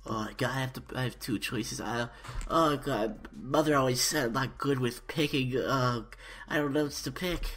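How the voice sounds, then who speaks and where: A man's voice: mid-range voice, moderate pace, fairly bright tone. A young man doing parody let's-play commentary, stammering and overhyped in a mock-earnest way. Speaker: YouTuber.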